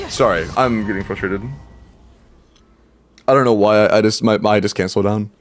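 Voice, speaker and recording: A man's voice: on the low side, fairly even intonation, normal speed, long pauses, slight background noise. A young man livestreaming a video game, talking to himself and chat, frustrated and swearing as he practices a combo. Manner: frustrated, swearing, self-talk. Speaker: streamer. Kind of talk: live game stream commentary.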